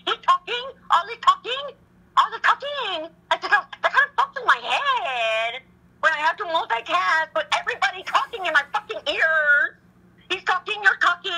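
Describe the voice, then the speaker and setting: A woman's voice: very high-pitched, animated, moderate pace, bright, forceful tone. A young woman on a recorded phone call, anxious and rambling, repeating herself and swearing casually. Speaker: caller.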